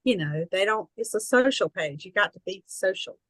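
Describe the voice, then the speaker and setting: A woman's voice: medium pitch, expressive, normal speed, a bit bright, no room sound, poor audio. A woman with a Southern accent coaching a group about social media posts on a call. Her talk is folksy and encouraging, full of "you know" and easy peasy cheer. The sound is dry and close, with no room around it. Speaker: business trainer. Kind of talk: online training call.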